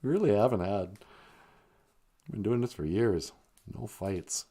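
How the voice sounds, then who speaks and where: A man hosting a morning radio show, explaining words in an easygoing, teasing way, often trailing off into low, soft asides. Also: a little slow, slightly rough. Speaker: radio host teaching Ojibwe words. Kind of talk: joking morning radio chat.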